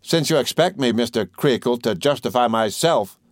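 A man's voice: mid-range voice, lively intonation, moderate pace, no echo, pitched above the performer's own voice, natural voice. A man voicing a proud, bold older schoolboy who speaks defiantly and with scorn.

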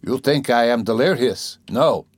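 A man's voice: mid-range voice, measured pace, no room sound, pitched above the performer's own voice, natural voice. A man reading a feverish irritable young man. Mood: irritable, strained. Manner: curt, strained.

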